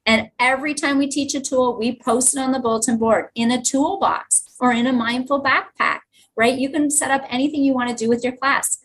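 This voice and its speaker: A woman's voice: sits high, fairly quick, slight background noise, rough recording. A woman teacher, telling classroom stories with enthusiasm in a podcast interview. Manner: enthusiastic storytelling, lively asides. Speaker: teacher and guest.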